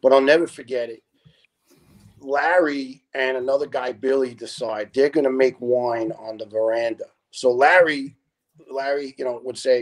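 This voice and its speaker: In a casual podcast chat, a man in his fifties who retired as a fire lieutenant spins lively, foul-mouthed stories, often laughing and starting sentences over. He has a mid-range voice and talks at normal speed.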